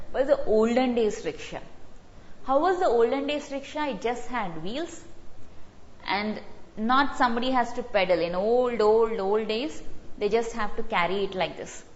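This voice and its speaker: A woman's voice: medium pitch, moderate pace, slight background noise. A woman teaching an online test-prep class, repeating key words and explaining them through stories. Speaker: GRE vocabulary teacher. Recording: slightly dull lo-fi audio.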